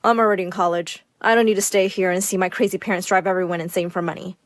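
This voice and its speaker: A woman's voice: on the low side, steady tone, fast talker, dry recording, pitched below the performer's own voice, natural voice. A woman voicing a fed-up teenage boy, the eldest brother, talking wearily. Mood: weary.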